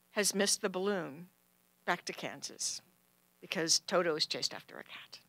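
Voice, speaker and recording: A woman telling a true personal story on stage, animated and acting out the people in it. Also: medium pitch, dry recording. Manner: animated, acts out quoted voices. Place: stage at a film center.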